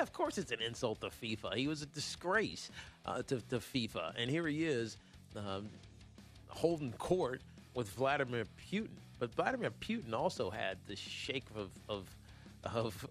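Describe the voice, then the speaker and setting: Sports radio guy riffing casually, jokey and rambly, some quiet music in the back. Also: medium pitch, moderate pace. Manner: animated, jokey, rambling with fillers.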